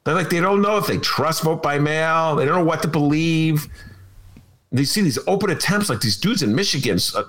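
A man co-hosting a casual political podcast, sarcastic and getting worked up, with loud laughs. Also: a little high, lively intonation, normal speed. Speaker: podcast co-host.

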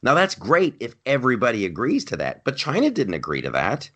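A man's voice: mid-range voice, huge pitch swings, brisk, fairly bright tone, breathy edge. A man hosting a podcast, talking politics in a rambling, emphatic, joking way. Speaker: podcast host. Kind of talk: casual political chat.

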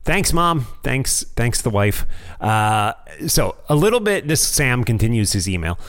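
A man's voice: medium pitch, sing-song, a little slow, a bit bright. An American man hosting a podcast, chatting in a rambling, self-deprecating way while reading out supporters' names. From United States. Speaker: podcast host. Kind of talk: casual chat.

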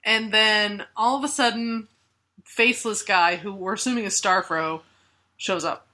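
A woman chats loosely about an old comic, laughing often and swearing for comic effect. Her voice is bright and forward. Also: medium pitch, steady tone, measured pace. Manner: laughing, profane, jokey. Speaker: podcast co-host. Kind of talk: casual comic-book chat.

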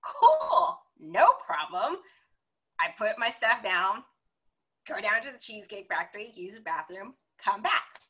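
A woman guest telling stories in a casual interview, animated and acting out the voices she quotes. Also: mid-range voice, a little slow, breathy edge, rough recording.

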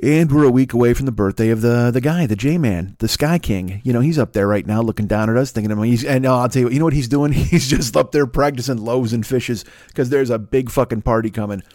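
A man's voice: medium pitch, fairly quick, few pauses, a little mellow, dry recording, studio quality. Boastful crude male comedy podcaster. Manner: boastful, crude, mock-seductive. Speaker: podcast host. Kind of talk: comedic monologue.

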